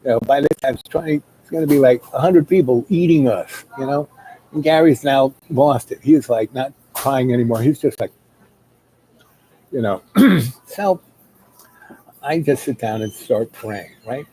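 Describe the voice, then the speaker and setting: A man's voice: medium pitch, normal speed, dark tone, slight background noise, poor audio. A man telling a long personal story in a loose, rambling way, full of fillers and restarts. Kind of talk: casual spoken storytelling.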